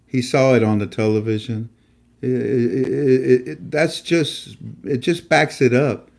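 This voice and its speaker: A man's voice: mid-range voice, fairly even intonation, measured pace, vocal fry, a little mellow. A man hosting a casual monologue show, talking emphatically and preachily, repeating himself and stammering often. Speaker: host. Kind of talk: casual live-stream monologue.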